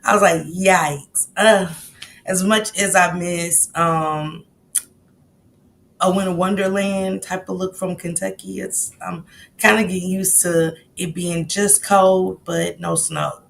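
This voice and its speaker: Gravelly-voiced woman hosting a casual livestream. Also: on the low side, little pitch movement, slow, a little hiss or hum. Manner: chatty, greets viewers one by one by name. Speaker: livestream host.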